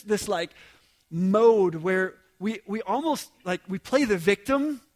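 A man giving a sermon as pastor, in an emphatic, conversational preaching manner with quieter asides. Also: high-pitched.

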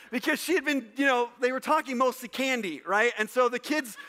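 Jokey male pastor from Wisconsin, high bright voice, animated storyteller who teases his congregation. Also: moderate pace. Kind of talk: casual sermon with storytelling. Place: church service before a live congregation.

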